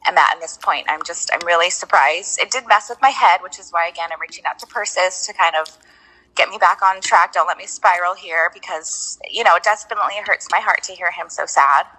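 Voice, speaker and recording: Rambling woman guest, low bright voice. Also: brisk, husky, poor audio. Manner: rambling, many fillers and restarts. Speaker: client, guest. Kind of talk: casual interview chat.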